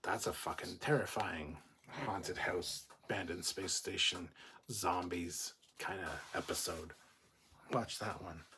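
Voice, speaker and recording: A man's voice: low-pitched, slow, background noise. A man hosting a casual livestream, reading viewer comments and rambling into profane rants. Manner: rambling, swears freely, goes off on rants. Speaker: host.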